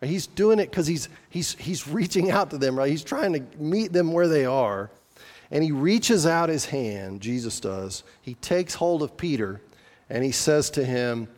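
A man's voice: on the high side, expressive, unhurried, a little mellow. Earnest man preaching in a reverberant hall. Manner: conversational, earnest, asks the listeners questions. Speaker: pastor. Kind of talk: sermon.

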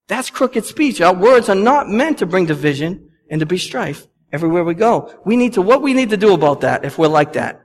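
A man's voice: high-pitched, a bit bright. Man preaching in a reverberant church. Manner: conversational, emphatic preaching with asides to the congregation. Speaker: pastor. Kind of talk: sermon. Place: church sanctuary. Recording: long reverb from a church hall.

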